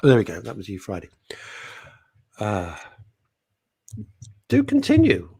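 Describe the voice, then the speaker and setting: A man's voice: fairly low pitch, huge pitch swings, takes it slowly, gravelly, mellow, slightly rough, dry recording. A man co-hosting a radio chat show, reading listener messages with jokey, teasing banter. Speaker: radio co-host.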